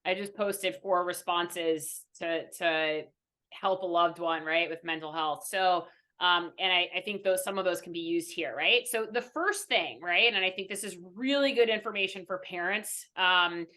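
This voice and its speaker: A woman's voice: lowish voice, measured pace, sharp tone. A young adult woman, a mindfulness coach on a podcast interview, explaining earnestly and checking in with "right?" after nearly every point. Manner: earnest, frequent "right?" tags, teacherly.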